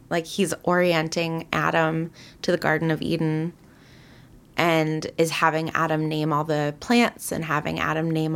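Young woman guest, chatty storyteller, gravelly, low-ish voice. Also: a bit bright. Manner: chatty, retelling with voiced quotes and frequent likes. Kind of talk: casual storytelling.

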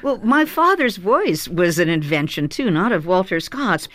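A woman author being interviewed in a radio studio, telling stories in an animated way with frequent fillers. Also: fairly low pitch, moderate pace, no echo. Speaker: author guest.

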